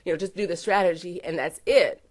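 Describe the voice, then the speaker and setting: A woman's voice: lowish voice, brisk. A woman giving an earnest, emotional testimonial to camera, close to tears, with many "you know" fillers. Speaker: network marketer giving a testimonial.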